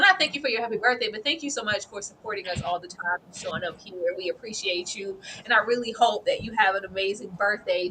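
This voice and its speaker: A woman co-hosting a casual TV episode review, expressive and slangy, laughing as she talks to her chat. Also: mid-range voice, slight background noise.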